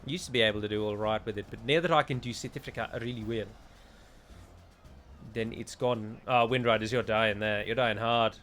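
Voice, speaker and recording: A man's voice: fairly low pitch, fairly even intonation, brisk, a bit bright, a little hiss or hum. A man giving joking, rambling let's play commentary on a strategy game, with a sarcastic streak.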